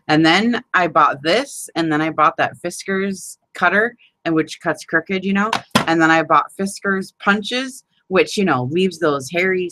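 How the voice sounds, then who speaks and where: A woman's voice: low voice, background noise. A woman hosting a live crafting chat, rambling and exasperated, swearing and laughing as she talks to viewers by name. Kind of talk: casual live chat, demonstrating a paper craft.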